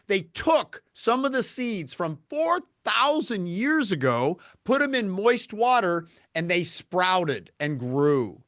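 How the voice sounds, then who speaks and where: A man's voice: high-pitched, fairly bright tone, dry recording, clean studio sound. A man talking as a podcast guest, telling enthusiastic stories and explaining nutrition in a casual conversation. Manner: enthusiastic storyteller, lectures on nutrition. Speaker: podcast guest, health and longevity speaker.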